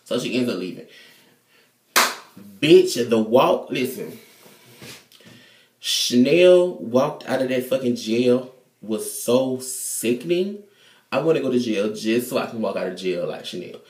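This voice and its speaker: A man casually recapping a TV episode in an animated, slangy, profane way. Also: mid-range voice, unhurried, pauses often. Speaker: TV show reviewer. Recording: echoey room.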